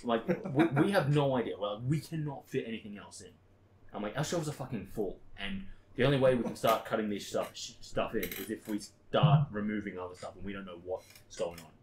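A man's voice: fairly low pitch, a little fast, darkish tone, slight background noise. Sweary man telling work stories. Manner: swears a lot, acts out his old workmates in quotes. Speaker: podcast co-host. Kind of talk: casual storytelling chat.

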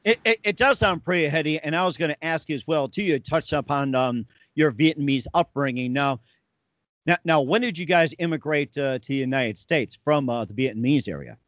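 Male host, a bit high-pitched, dry close sound, asks questions with small restarts. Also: fairly quick, a bit bright, dry recording. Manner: brief affirming, stumbling questions. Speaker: interview host. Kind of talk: interview questions.

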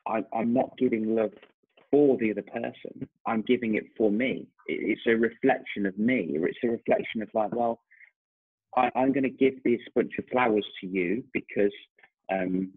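Husky English man on a tinny call. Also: mid-range voice, lively intonation, normal speed, no room sound. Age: 30s. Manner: thoughtful, rambling, frequent restarts and fillers. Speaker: host, confidence coach. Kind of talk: casual interview chat. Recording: tinny dry video call line.

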